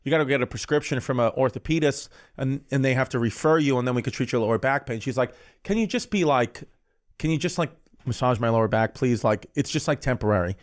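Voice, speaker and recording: A man's voice: medium pitch, fast. A man on a podcast telling a long, crude personal story in casual chat, quoting everyone with 'he goes' and swearing bluntly.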